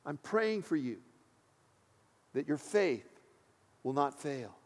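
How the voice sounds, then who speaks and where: A male preacher voicing a loving male teacher who reassures a friend gently and slowly. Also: a little high, sing-song, pitched below the performer's own voice, full character voice. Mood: tender. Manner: gentle, slow and tender. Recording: long hall reverb.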